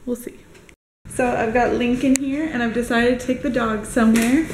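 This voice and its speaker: Young woman, family vlogger, slightly high voice, chatty, candid, rambling asides. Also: fairly even intonation, a little mellow, a little hiss or hum. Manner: chatty and candid, quick run-on asides with 'like'. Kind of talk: casual vlog narration to camera.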